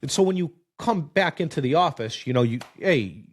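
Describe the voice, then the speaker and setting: A man's voice: a little high, lively intonation, fairly quick. A man who owns auto repair shops, talking casually as a podcast guest. He tells stories with energy, swears freely and acts out the people he quotes. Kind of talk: casual conversation.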